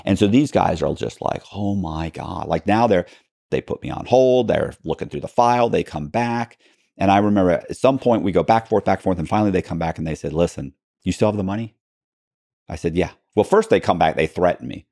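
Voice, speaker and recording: A man telling a story as an interview guest, acting out quoted dialogue with halting restarts. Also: deep voice, animated, vocal fry, dark tone, dry recording, clean studio sound.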